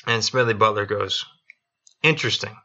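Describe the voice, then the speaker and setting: Bright, profane male podcast storyteller. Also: mid-range voice, fairly even intonation, moderate pace. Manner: profane, joking, acts out quotes. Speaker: podcast co-host. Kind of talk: casual history storytelling. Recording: dull lo-fi recording.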